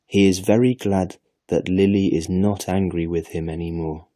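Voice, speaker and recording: A man reading a children's story aloud slowly and carefully for an English lesson. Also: low voice, dry recording, clean studio sound. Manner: slow, careful, even reading.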